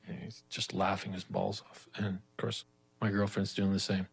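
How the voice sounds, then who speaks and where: A man performing a comedic personal story at an open mic night in a small community venue, animated and profane, acting out the people in it. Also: low voice, normal speed, creaky, husky. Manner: profane, animated, acts out voices.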